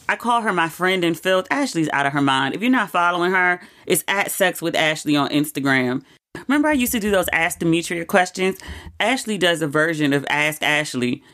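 A podcast host in her forties, with a voice that sits low, tells a personal story. She's chatty and expressive, tossing in quick asides and laughing frequently.

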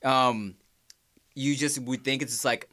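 A man in casual podcast chat, telling animated stories and mimicking voices. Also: medium pitch, measured pace, no room sound, studio quality. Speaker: podcast co-host.

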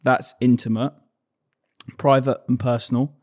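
A man's voice: mid-range voice, level tone, a little slow, darkish tone. Laid-back man explaining casually. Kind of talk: casual chat.

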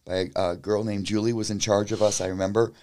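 A man, a musician guest, telling a story in a casual interview, animated and acting out what people said, with some stammered restarts. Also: lowish voice, quick pace, slight background noise.

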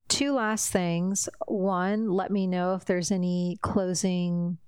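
A woman's voice: fairly low pitch, steady tone, takes it slowly, a little mellow, clear, resonant tone, dry recording. A woman hosting a casual interview, talking in an effusive, emphatic, spiritual way. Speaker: podcast host. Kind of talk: casual heartfelt interview chat.

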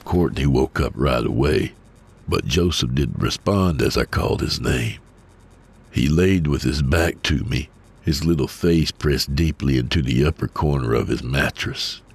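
A man giving a steady, measured first-person reading of a scripted horror story. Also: very deep voice, creaky, husky. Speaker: narrator.

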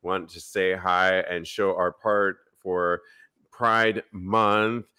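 A man's voice: deep voice, fairly even intonation, extremely slow, pushed and bright, clean tone. A man from San Francisco hosting a live podcast, upbeat as he reads listener emails and announcements. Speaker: podcast host.

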